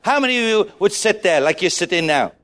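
A male preacher delivering a sermon in a high-pitched voice that leaps up and down. He urges the congregation to shout their answers. He keeps it playful, acting out small scenes as he goes. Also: expressive, fairly quick. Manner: exhorting, calls on the congregation to shout; playful, jokes and acts out little scenes.

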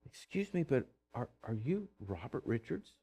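A man voicing a polite young woman cashier who asks soft, courteous questions. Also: medium pitch, big pitch swings, normal speed, voice pushed down.

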